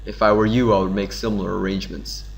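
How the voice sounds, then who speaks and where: A man's voice: on the low side, little pitch movement, quick pace, gravelly. A man reading as a cautious, worried scholar. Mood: warning.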